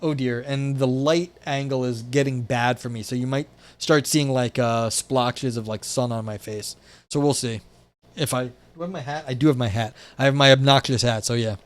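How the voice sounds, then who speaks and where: Reading philosophy on a live stream, a young man interrupts himself with wry, profane asides, plenty of "like" and restarts, from his desk beside a window. His voice is mid-range, his tone steady and his speed normal.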